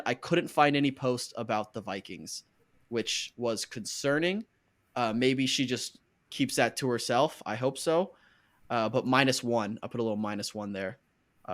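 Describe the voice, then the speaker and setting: A man's voice: medium pitch, animated, moderate pace. A man hosting a podcast in casual chat, joking and rambling with fillers. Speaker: podcast host.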